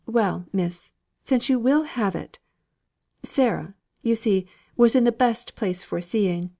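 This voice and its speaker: A woman's voice: a little high, slow pace, warm tone, voice pushed up. A woman doing a gossiping maidservant. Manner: chatty, confiding, homely speech. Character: gossiping female household servant.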